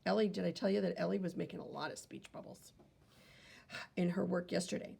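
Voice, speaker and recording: A woman's voice: on the low side, fast, creaky, dark tone, breathy edge. A woman teacher reading a picture book aloud to children, wondering aloud and explaining as she goes.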